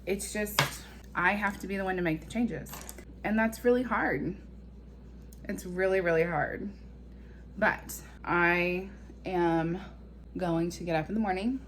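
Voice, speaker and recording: A woman's voice: fairly low pitch, unhurried, long pauses, noisy background. Woman rambling in a confessional vlog. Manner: rambling, emotional self-talk. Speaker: vlogger and mother.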